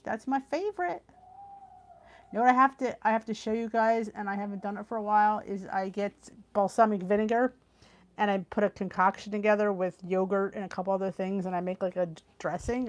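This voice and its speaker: Heat has left this chatty middle-aged cooking-stream host tired and yawny as she reads viewer comments aloud, gasping and losing her thread mid-thought. She speaks from home over a video call on her computer, in a medium pitch at a moderate pace.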